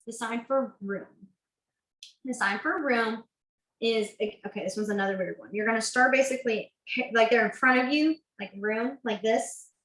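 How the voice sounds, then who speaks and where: A woman's voice: on the high side, normal speed, a bit bright. Chatty woman teaching, echoey room. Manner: chatty, self-correcting, laughs easily. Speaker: sign language teacher. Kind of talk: online class instruction.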